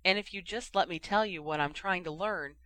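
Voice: mid-range voice, brisk, sharp tone, dry recording, close to an everyday voice. Reader doing earnest blunt young woman, pleading straight out, dry close sound. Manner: pleading, direct.

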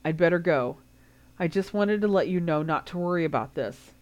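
A woman voicing a weary, steady father. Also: lowish voice, normal speed, muffled recording, close to an everyday voice. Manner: even, tired, firm.

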